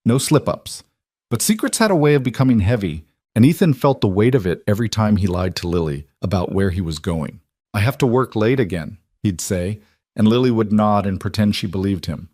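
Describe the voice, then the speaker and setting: A man narrating a romance story in a steady, measured manner. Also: on the low side, no echo, studio quality. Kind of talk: scripted audiobook narration.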